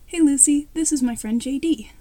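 A chatty, cheerful young boy with lots of sisters, played by a woman reading a story. He is helpful and eager, and his voice sits high and a bit raised. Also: moderate pace, dark tone, close to an everyday voice.

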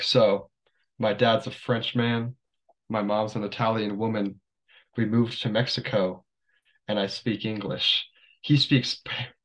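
A man's voice: lowish voice, poor audio. A young adult man, a podcast guest, telling stories in a rambling casual way, full of fillers. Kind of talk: casual storytelling.

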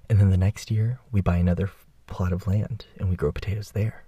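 Young male podcast host, husky and low, chatty storyteller who keeps laughing, dry close sound. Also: brisk, mellow, no echo. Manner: chatty, laughs often mid-sentence. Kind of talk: casual storytelling monologue.

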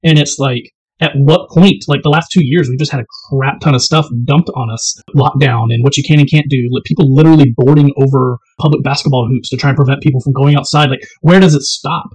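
A man's voice: medium pitch, steady tone, brisk, hardly any pauses, darkish tone, breathy edge, no room sound, low-quality recording. A man co-hosting a casual podcast, rambling in slangy talk with frequent restarts. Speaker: podcast co-host.

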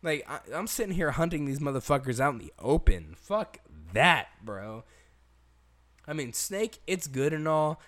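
A man's voice: a little high, sing-song, moderate pace, a bit bright. A young man co-hosting a podcast, telling a rambling, profane story in casual chat and laughing often. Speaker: podcast co-host.

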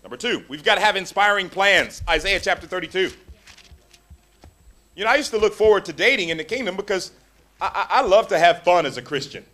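Animated, high-voiced male preacher. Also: fairly quick. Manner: animated, acts out quoted voices. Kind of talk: sermon. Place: church hall.

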